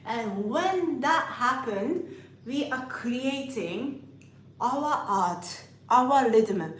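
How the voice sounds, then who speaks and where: Slow-talking woman teaching flamenco in an echoey studio. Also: fairly high pitch, expressive. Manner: slow, patient, sings out counts and rhythm syllables. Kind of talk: dance lesson with counting and rhythm syllables. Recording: echoey room, mic far off, faint noise.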